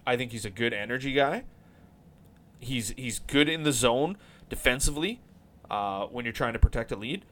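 Male podcast host, mid pitch, very expressive, casual and rambling. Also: normal speed. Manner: animated, rambling, swears casually. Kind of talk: casual chat about hockey.

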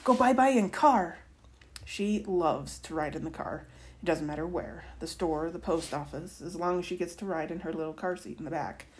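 A woman, a teacher, reading a novel aloud in an expressive first-person voice. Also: deep voice, brisk.

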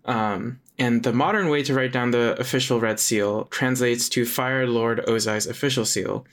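A man in a mid-range voice co-hosts a laid-back podcast. He reads out trivia in an easy chatty tone, often pausing on filler sounds. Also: mid-range voice, steady tone, fairly bright tone. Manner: reads out fun facts, hesitant fillers. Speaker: podcast co-host. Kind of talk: casual chat sharing trivia.

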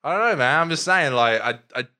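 A man's voice: medium pitch, lively intonation, quick pace, sharp tone, clear, resonant tone. A man co-hosting a podcast, talking casually with sarcasm and swearing. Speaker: podcast co-host. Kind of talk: casual chat.

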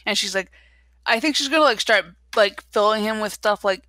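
A woman's voice: mid-range voice, normal speed, sharp tone, no echo. A young woman in casual chat, rambling through a story with lots of "like". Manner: rambling storytelling with many "like" fillers.

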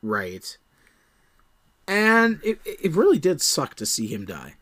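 A man's voice: on the high side, huge pitch swings, slow, fairly bright tone. A man co-hosting a film podcast in a casual review chat, often hesitant, restarting sentences and acting out his reactions.

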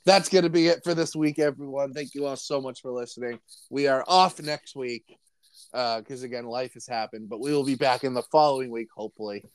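A man's voice: medium pitch, brisk, clear, resonant tone, no echo. A young man co-hosting a casual sports podcast, rambling and joking with a friend. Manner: rambling, joking, restarts and laughs. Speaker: podcast co-host.

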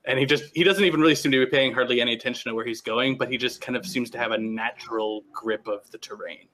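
A man's voice: mid-range voice, fast, fairly bright tone, a little hiss or hum. A man narrating as game master of a tabletop game, rambling and restarting often.

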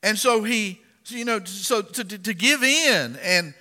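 A man preaching a sermon and reading scripture aloud, impassioned and dramatic, rising to loud emphasis. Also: sits high, lively intonation, a little slow, in a large hall.

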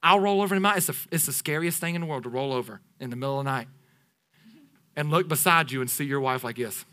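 A pastor in his thirties preaching a sermon to his congregation, animated and joking with them as he goes. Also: mid-range voice, fast talker. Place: church sanctuary.

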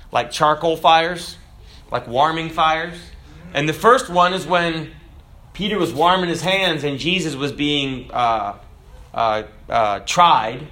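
A man's voice: a little high, sharp tone. A man preaching a sermon, talking in a conversational way and asking his listeners rhetorical questions. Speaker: pastor.

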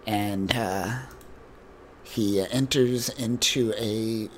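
A man's voice: lowish voice, steady tone, very slow, a little hiss or hum. A man co-hosting a casual podcast, recapping a comic story in a rambling, joking way with many fillers. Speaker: podcast co-host.

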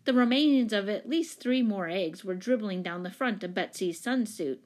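A woman narrating a children's story in a calm, even reading voice. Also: medium pitch, normal speed.

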